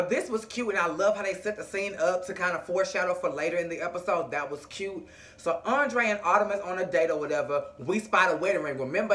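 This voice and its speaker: A man's voice: high voice, sharp tone. A man recapping a TV episode in a chatty, sassy way, full of asides and playful digressions. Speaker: TV recap vlogger.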